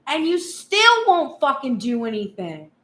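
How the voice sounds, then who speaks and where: A woman's voice: sits high, wildly swooping pitch, a little slow, fairly bright tone. A woman tarot reader giving a channeled reading, speaking heatedly in first person as someone's partner. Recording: roomy echo, faint background hum.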